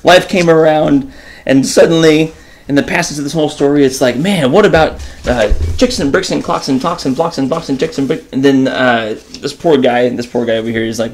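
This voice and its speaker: A man hosting an informal enrichment lesson, animated and chatty as he reads from a children's book. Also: mid-range voice, moderate pace, slight background noise. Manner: animated, informal, many fillers. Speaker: host and teacher.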